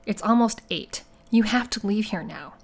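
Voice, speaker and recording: A woman's voice: medium pitch, expressive, moderate pace, vocal fry. A woman voicing Kay, a tired, defensive woman in her forties, in an audiobook reading.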